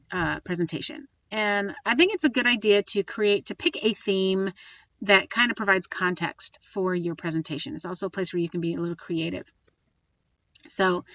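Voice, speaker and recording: A woman teacher thinks out loud as she plans a lesson, pausing on ums and restarting her sentences. Her voice has a bright, forceful edge and sits close and dry on the mic, with slightly dull lo-fi sound. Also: mid-range voice, dry recording. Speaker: Spanish teacher. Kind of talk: recorded classroom lesson walkthrough.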